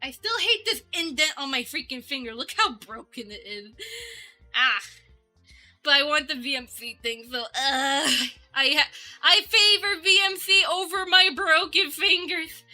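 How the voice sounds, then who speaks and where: A woman's voice: high-pitched, unhurried, pushed and bright. A woman streamer chatting casually and bubbly with her viewers, giggling often. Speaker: VTuber streamer. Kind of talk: casual livestream chat. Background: faint background music.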